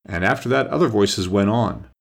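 Gravelly man reading a storybook. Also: on the low side, moderate pace. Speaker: narrator.

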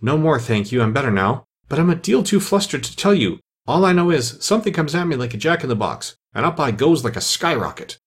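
A man voicing a small, flustered male animal with a feeble, squeaky voice, in a storybook reading. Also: sing-song, a little fast, few pauses, slightly rough.

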